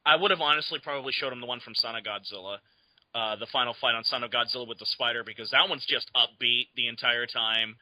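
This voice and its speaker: A man co-hosting a podcast in casual chat, eager and quick to chime in. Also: mid-range voice, bright, forceful tone, no echo, rough recording. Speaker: podcast co-host.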